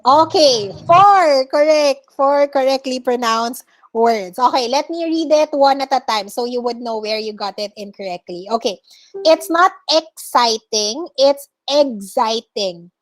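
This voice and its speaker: A woman's voice: sits high, lively intonation, normal speed. A Filipino woman teaching an online class, correcting her students' pronunciation word by word and repeating each correct form. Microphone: video call.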